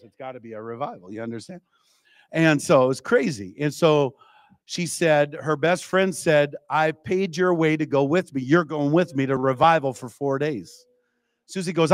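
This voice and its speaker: A male evangelist with a fairly high voice preaches a revival sermon, leaning on lively storytelling and calling out to the crowd. His voice is close and dry, with little room sound. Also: normal speed, dry recording. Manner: lively storytelling with call-outs to the congregation. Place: church.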